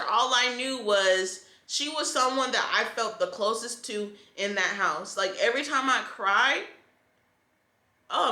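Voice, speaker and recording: A woman's voice: on the high side, sharp tone, roomy sound. A woman in her twenties telling a personal story to camera in a candid, emotional, conversational way. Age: 20s. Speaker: vlogger.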